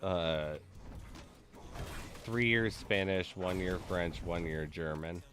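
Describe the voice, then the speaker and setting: Deep-voiced and slow, with a fairly bright tone, a male gaming stream host rambles along in casual chat. He jokes around and leans heavily on the word "like."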